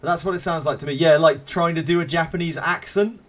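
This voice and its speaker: A man's voice: on the high side, quick pace, fairly bright tone. A man streaming a game live, chatting casually with viewers in a laid-back, self-mocking way and swearing freely.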